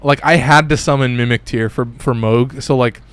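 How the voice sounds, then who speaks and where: A man's voice: medium pitch, fairly even intonation, normal speed, clear, resonant tone, no room sound. A young man streaming a game from his bedroom, chatting with viewers and swearing at enemies mid-fight. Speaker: gaming streamer. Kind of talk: casual live-stream commentary. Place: home bedroom. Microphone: phone.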